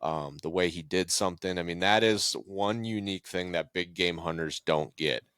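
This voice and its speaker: A man's voice: low voice, moderate pace, clear, resonant tone, no echo, studio quality. A man hosting a podcast, chatting casually and telling a childhood hunting story with quoted lines. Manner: relaxed and friendly, laughs along, retells stories with voiced quotes. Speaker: podcast host.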